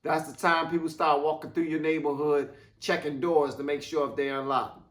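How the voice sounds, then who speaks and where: A young man hosts a reaction video in a casual, chatty way with a somewhat high voice. He is excitable and profane, and he breaks into acting out little scenes as he comments. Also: normal speed. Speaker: reaction channel host.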